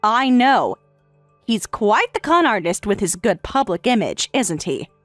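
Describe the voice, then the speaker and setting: A woman's voice: mid-range voice, very animated, a little slow, dry recording, faint music behind. A synthetic woman's voice reading a tired young wife who answers back firmly and pointedly. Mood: defiant. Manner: firm, pointed replies. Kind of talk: text-to-speech story reading.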